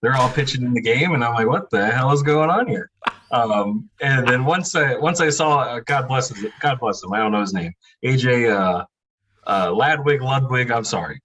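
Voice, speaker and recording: A man guest on a sports podcast, talking in a relaxed, wry way with lots of fillers. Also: mid-range voice, normal speed, low-quality recording. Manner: laid-back, wry, rambling with many fillers. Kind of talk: casual podcast chat.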